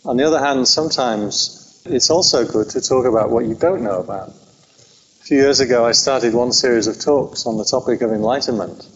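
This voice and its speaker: A man's voice: mid-range voice, normal speed, lo-fi sound. A man with an English accent giving an informal Buddhist dharma talk at a meditation centre, chatty and self-deprecating. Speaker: Buddhist teacher.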